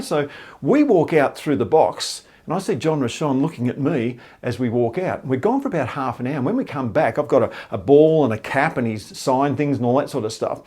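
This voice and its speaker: An Australian man telling a humorous personal anecdote in a lively, self-deprecating way. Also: medium pitch, a little fast, slightly rough. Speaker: storyteller.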